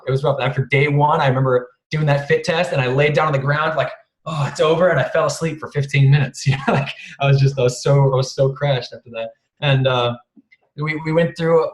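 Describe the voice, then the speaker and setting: Rambling, chuckling man on a roomy call. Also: medium pitch. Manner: rambling, chuckling often, swears casually. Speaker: guest speaker. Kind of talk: casual storytelling. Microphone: video call. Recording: roomy video call audio.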